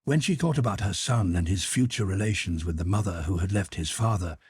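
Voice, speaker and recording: A man narrating a classic novel as an audiobook in a measured, expressive reading. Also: low voice, husky, no room sound, clean studio sound.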